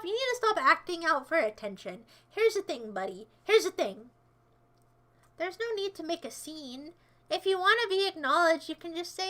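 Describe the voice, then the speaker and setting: An extremely high-pitched woman livestreamer with big pitch swings speaks at normal speed while chatting with her viewers, rambling playfully, teasing, and mock-defending herself as she answers chat. She bursts into shouted mock-villain commands.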